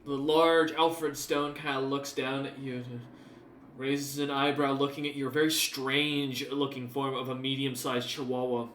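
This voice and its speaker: Rambling game master, echoey room. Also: male voice, medium pitch, flat delivery, a little slow, a bit bright, recorded from a distance, a little hiss or hum. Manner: rambling, many fillers. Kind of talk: narrating a tabletop game.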